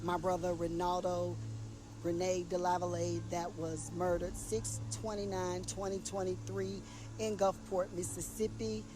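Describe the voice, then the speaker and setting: Female speaker, deliberate read-out statement, monotone delivery. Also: fairly low pitch. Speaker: woman making a video statement.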